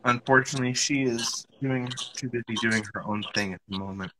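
A man's voice: medium pitch, a little fast, background noise. A man hosting a casual podcast interview, asking questions with many hesitations and restarts. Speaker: podcast host.

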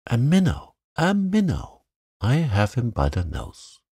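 A man reading a storybook aloud, voicing a fussy, mild-mannered gentleman frog with prim, polite speech. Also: on the low side, very animated, a little slow, dry recording, studio quality. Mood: alarmed.

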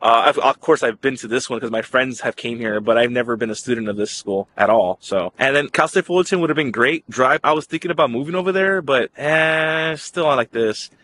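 A young man from Los Angeles rants into his own vlog, cursing constantly and worked up. His voice sits at an ordinary middle pitch. Faint background noise hums under the recording. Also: a little fast, few pauses, sharp tone. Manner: profane, fired-up, swears constantly. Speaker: vlogger. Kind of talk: casual vlog rant.

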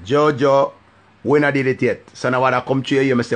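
A Jamaican man hosting his own live stream, ranting loosely in patois. His voice sits at a middling pitch and swings up into a sing-song refrain whenever he repeats his catchphrase. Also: level tone, a little fast. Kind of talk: casual live-stream rant.

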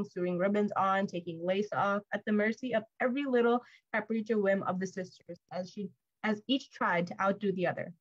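A woman's voice: medium pitch, lo-fi sound. Woman reading a storybook to children. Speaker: storybook reader.

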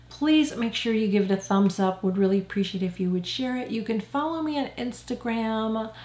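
A woman's voice: mid-range voice, a little mellow. An older woman vlogging frank, chatty product opinions in a casual beauty review. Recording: echoey room.

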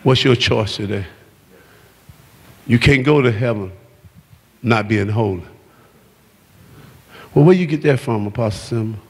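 A man preaching a sermon, shouting and calling out to the congregation in a church. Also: medium pitch, unhurried, long pauses, slightly rough. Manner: shouting, exuberant preaching with call-outs to the congregation. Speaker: pastor. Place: church sanctuary. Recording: long hall reverb.

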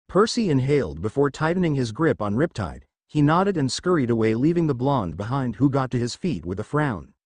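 A man narrating a fan fiction adventure story in a steady storytelling manner. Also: medium pitch, fairly quick, hardly any pauses, breathy edge, no echo.

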